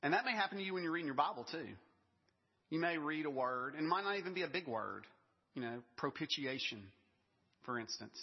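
A man's voice: a little high, expressive, fairly quick, slightly rough. A male pastor giving a sermon in a conversational storytelling way, with light laughs and asides. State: briefly choked up with emotion. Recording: dull long reverb of a large hall.

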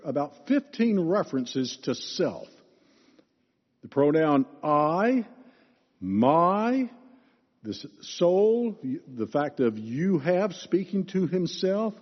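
Lively, breathy preacher in an echoing hall. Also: male voice, fairly high pitch. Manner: expressive, emphatic teaching. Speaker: pastor. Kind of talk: sermon. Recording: reverberant hall, dull lo-fi sound.

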